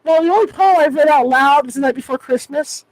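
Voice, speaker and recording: Fast-talking high-voiced woman host. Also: no room sound, poor audio. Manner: chatty, frequent word repeats and restarts. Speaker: podcast host. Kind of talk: casual interview chat.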